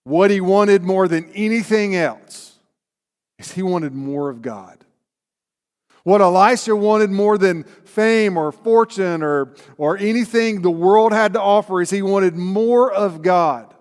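A man with a Southern US accent preaching a sermon as pastor, talking conversationally and checking in with the congregation with frequent "right?" asides. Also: on the high side. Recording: long hall reverb.

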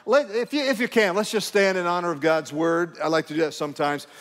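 A man's voice: sits high, fairly even intonation, a little fast, fairly bright tone, long reverb tail. A male pastor, preaching in a conversational, emphatic way to his congregation. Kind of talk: sermon. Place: church sanctuary.

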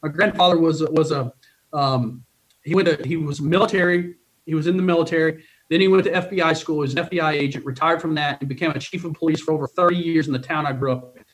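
A middle-aged man coaching college baseball speaks in a podcast interview with a voice a little higher than most men's. He tells stories earnestly and with feeling, stumbling over restarts and repeating words as he goes. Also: quick pace. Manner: earnest, emotional storytelling with many restarts.

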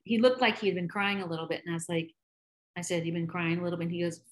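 Guest storyteller: middle-aged woman, frank and chatty, quick to laugh. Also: on the low side. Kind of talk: candid personal storytelling.

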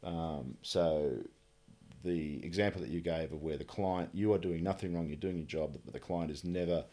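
A man in casual conversation, reflecting slowly and building on ideas step by step. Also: low voice, mellow.

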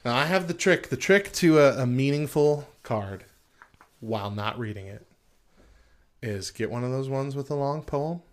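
A man's voice: mid-range voice, expressive, moderate pace. A man co-hosting a casual talk show, joking and laughing often as he tells stories. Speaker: co-host. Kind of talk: casual chat.

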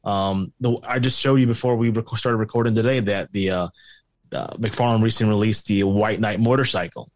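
A man's voice: on the low side, steady tone, brisk, a little mellow, no echo. A man co-hosting a podcast in casual chat, chatty and prone to digressions. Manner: chatty and digressive, often laughing along. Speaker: podcast co-host.

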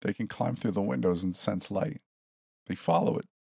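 A man voicing a frightened, tearful young college woman in a horror story, speaking in a higher, strained, pleading voice. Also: animated, normal speed, creaky, a little mellow, husky, no echo, clean studio sound, full character voice. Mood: urgent.

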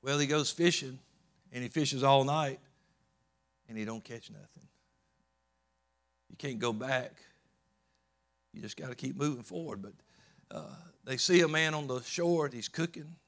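A man preaching a sermon, swinging between loud emphatic peaks and low soft storytelling, often repeating words and restarting. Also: unhurried, long pauses. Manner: rising to loud emphatic peaks, then dropping low and soft while retelling scripture.

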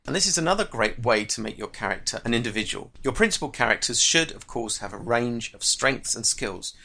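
Gravelly-voiced man teaching writing. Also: medium pitch, expressive, bright, forceful tone. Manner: measured, explanatory. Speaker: writing teacher and podcast host. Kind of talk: podcast lesson on writing craft.

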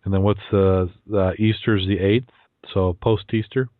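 A chatty man host with a slightly low, dry voice, quick to laugh and prone to repeating words. He comes through a tinny, phone-like line. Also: fairly even intonation, no echo. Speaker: podcast host. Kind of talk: casual chat and joke telling.

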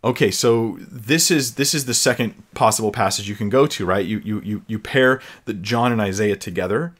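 A man giving an earnest teaching talk, explaining step by step, repeating words as he goes and reading scripture aloud slowly. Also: on the low side, fairly bright tone. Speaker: Bible teacher.

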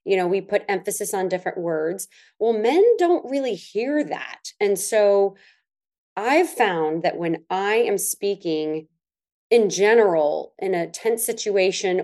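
A middle-aged woman in a casual advice chat, explaining earnestly and slowing down to stress key words. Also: mid-range voice, darkish tone. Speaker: co-host.

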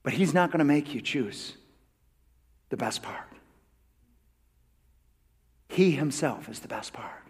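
A male pastor preaching a sermon, shifting from hushed, near-whispered asides to loud, fervent declarations with repetitive, rousing phrasing. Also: a little high, animated, moderate pace, vocal fry, hardly any pauses, breathy edge. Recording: reverberant hall sound.

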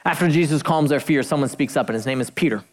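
A woman preaching a sermon, animated and emphatic, with jokey asides and slowed-down key phrases. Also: sits low, big-room sound.

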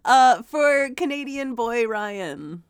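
A woman's voice: a little high, animated, slow, clean tone, no echo. A woman co-hosting a podcast, laughing often and teasing. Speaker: podcast co-host. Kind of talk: casual podcast banter.

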